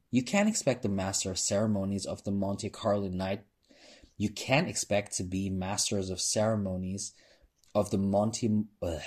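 A man's voice: on the low side, a little mellow, slightly rough. A man reading a story aloud, voicing a flamboyant drag queen who calls everyone darling.

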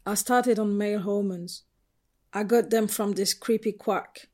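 A woman's voice: medium pitch, fairly even intonation, unhurried, darkish tone, natural voice. A woman voicing Ed, a terse sardonic butch. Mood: subdued. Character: Ed, a guarded, ashamed butch woman.

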